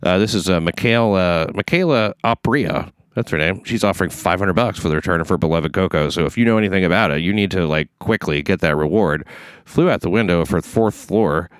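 Deep-voiced sardonic New man. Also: fairly quick, few pauses, smooth, no echo, clean studio sound. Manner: sardonic, profane, riffing asides. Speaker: podcast host reading news. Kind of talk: casual comedic news chat.

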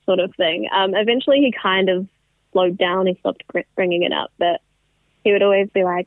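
A woman's voice: medium pitch, steady tone, a little fast, no room sound. Woman in her twenties on a phone line. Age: 20s. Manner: chatty, many likes and ums. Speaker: guest. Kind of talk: casual interview.

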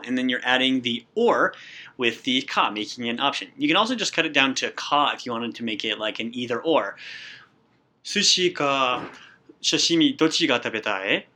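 A man hosting a Japanese lesson podcast, explaining grammar step by step with lively energy. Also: mid-range voice, fairly quick. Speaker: podcast host and Japanese teacher. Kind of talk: upbeat language lesson podcast.

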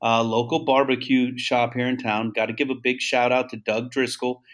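A man's voice: medium pitch, level tone, moderate pace. A man in a casual interview, a brand founder telling a long story and acting out the dialogue, loose with repeats and restarts. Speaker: guest, founder of a seasoning brand.

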